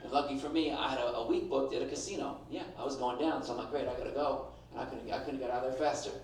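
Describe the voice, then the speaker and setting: Doing a punchy, brash stand-up set on a comedy club stage before an audience, a middle-aged man slips into mimicked voices. His mid-range voice is very fast, darkish and full of vocal fry. The mic catches him from afar in an echoey room, with a little hiss or hum.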